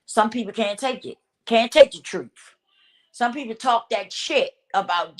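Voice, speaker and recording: A woman's voice: fairly high pitch, expressive, a little slow, bright, forceful tone. A woman vlogger in a blunt, repetitive talking-to-camera rant who swears casually and laughs often.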